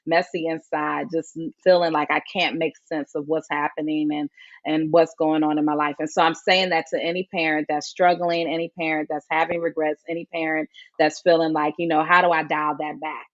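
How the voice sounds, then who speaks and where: A woman's voice: low voice, little pitch movement, brisk, no room sound, muffled recording. A woman guest speaking earnestly and reflectively in an interview, telling a personal story. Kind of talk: conversational interview.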